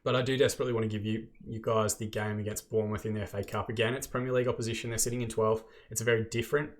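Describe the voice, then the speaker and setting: A man's voice: lowish voice, flat delivery, very fast. An Australian man hosting a football management video game series, narrating match play with exasperated, self-deprecating commentary.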